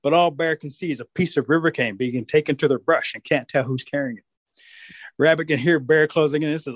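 A man telling a traditional folk tale as a storyteller, animated and drawn out. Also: on the high side, fairly quick, no room sound. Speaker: Cherokee storyteller.

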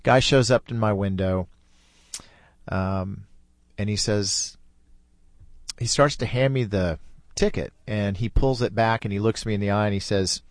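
A middle-aged man with a somewhat low voice, telling a long story in a relaxed and chatty way. He laughs easily as he talks. The sound is dry and close, with no room echo. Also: moderate pace. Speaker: podcast host. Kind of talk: casual storytelling.

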